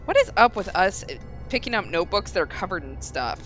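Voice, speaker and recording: Woman game streamer, bright animated read, laughs a lot between lines. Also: mid-range voice, fairly quick, soft background music. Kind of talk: reading a game's story aloud.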